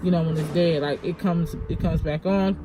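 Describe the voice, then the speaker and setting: A woman's voice: low voice, fairly even intonation, moderate pace, noisy background. Rambling woman telling a storytime. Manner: rambling, full of "like" and "you know". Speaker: vlogger. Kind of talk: storytime vlog, casual retelling.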